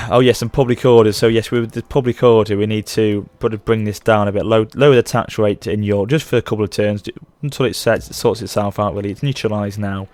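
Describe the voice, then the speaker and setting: Chatty low-voiced man. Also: fairly even intonation, fairly quick, darkish tone, no room sound. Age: 30s. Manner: chatty, rambling, frequent self-corrections. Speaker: gaming channel host. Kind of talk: let's play commentary.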